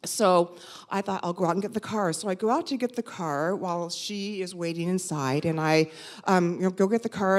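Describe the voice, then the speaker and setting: A woman in her fifties telling a personal story live, animated, conversational and self-mocking. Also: lowish voice. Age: 50s.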